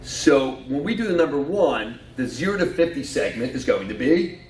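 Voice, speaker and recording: A man's voice: medium pitch, sing-song, normal speed, darkish tone. A man giving a conference talk, joking and quizzing the audience as he walks through his slides. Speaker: conference speaker. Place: conference room. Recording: echoey hall from far off, faint noise.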